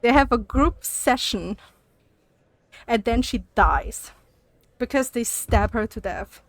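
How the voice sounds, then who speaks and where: A young woman streamer talks to her chat, a little out of breath because she walks as she talks. Her voice sits fairly high and she speaks at an unhurried pace, then gets animated and curses. The sound is close and dry, with no room around it. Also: dry recording. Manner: animated, swearing, laughs often. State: slightly out of breath, on a walking pad. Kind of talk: casual chat with live chat.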